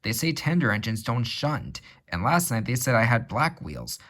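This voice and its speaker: A man's voice: medium pitch, big pitch swings, normal speed. A man reading a storybook, voicing a kind, polite male train engine. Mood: gentle. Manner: soft, polite. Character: gentle, kindly male engine.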